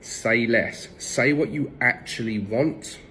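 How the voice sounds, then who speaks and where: A man's voice: mid-range voice, takes it slowly, pushed and bright, a little hiss or hum, rough recording. A man with an English accent, a dog trainer giving blunt, direct tips and swearing casually. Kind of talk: instructional tips to camera. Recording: music playing behind.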